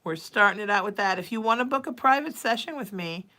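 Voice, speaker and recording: A woman's voice: mid-range voice, expressive, fast, sharp tone. A woman hosting a psychic livestream, chatting casually and reading viewer texts aloud. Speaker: psychic medium livestream host.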